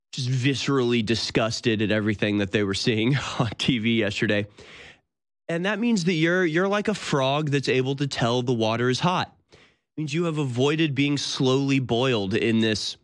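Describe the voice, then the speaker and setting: A man in his thirties hosting a talk show, delivering a sardonic, incredulous monologue with frequent laughs. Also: mid-range voice. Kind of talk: casual monologue.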